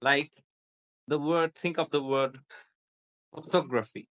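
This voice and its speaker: A man's voice: medium pitch, expressive, unhurried, fairly bright tone. A man with a British accent explaining pronunciation as a guest, repeating example words to show stress and intonation. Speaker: guest English pronunciation speaker. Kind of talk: explanatory conversation.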